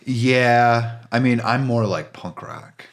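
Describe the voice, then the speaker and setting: A man's voice: mid-range voice, slow pace. A man co-hosting a podcast in casual, joking chat. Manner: joking, playful, trails off and restarts. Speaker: podcast co-host.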